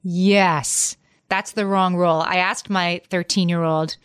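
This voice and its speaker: A woman's voice: fairly low pitch, slow, clean tone, no echo, clean studio sound. A middle-aged woman co-hosting a parenting podcast, telling anecdotes in a casual way. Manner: storytelling, animated when retelling anecdotes. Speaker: podcast co-host.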